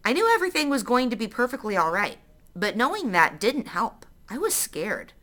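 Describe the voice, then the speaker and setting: A woman's voice: on the high side, very animated, fairly quick, fairly bright tone. A woman reading a children's novel aloud, stopping now and then to explain words to young listeners.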